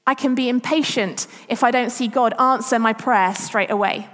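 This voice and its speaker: High-pitched woman, preaching in a church hall, long reverb, chatty and animated. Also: moderate pace. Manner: chatty, self-deprecating, animated retelling. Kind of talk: church talk.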